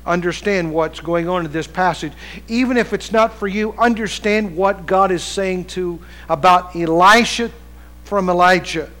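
A middle-aged man preaching a sermon who swings between loud, drawn-out appeals and quiet, chatty storytelling. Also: sits high, rough recording. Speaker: pastor.

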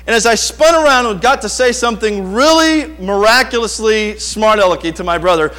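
A middle-aged male pastor with a fairly high voice, preaching in an animated storytelling way. He acts out his childhood self in the lines of the story, then moves into the scripture lesson. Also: fairly quick. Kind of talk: sermon with personal story.

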